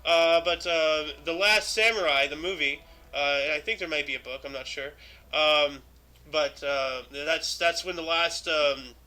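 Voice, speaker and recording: Bright-voiced man hosting a casual history stream. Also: a little high, steady tone, a little slow. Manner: reads dates aloud then adds offhand asides, many fillers. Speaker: show host. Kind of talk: casual history livestream commentary.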